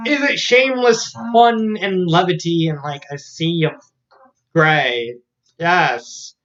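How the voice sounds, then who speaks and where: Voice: mid-range voice, slow, a bit bright, muffled recording. A fan-fiction reviewer talking casually, rambling and often restarting sentences, breaking into laughter.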